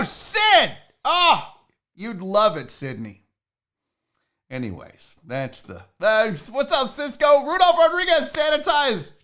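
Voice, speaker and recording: A man's voice: high-pitched, a bit bright. A man hosting a casual sports livestream, talking loosely with some swearing and calling out viewers in the chat by name. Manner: loose and profane, greeting chat members by name. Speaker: sports show host.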